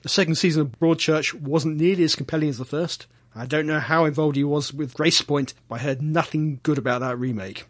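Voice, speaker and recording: A podcast co-host reads a listener's email in an earnest, measured way. His voice is a touch high and breathy-husky, and the sound is close and dry. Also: dry recording. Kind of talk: reading a listener email aloud.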